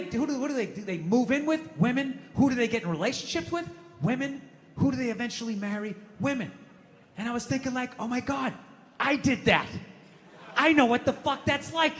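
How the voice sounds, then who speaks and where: Middle-aged male stand-up comic, profane ranting delivery, high and bright, long hall reverb. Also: slight background noise. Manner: ranting, profane, animated storytelling. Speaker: stand-up comedian. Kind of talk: stand-up comedy routine.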